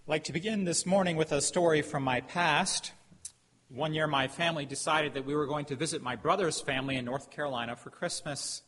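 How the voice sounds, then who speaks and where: A middle-aged man preaching a sermon as a pastor, telling a story with emphatic pauses. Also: fairly high pitch, fairly bright tone, breathy edge. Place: church sanctuary. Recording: hall reverb, faint background noise.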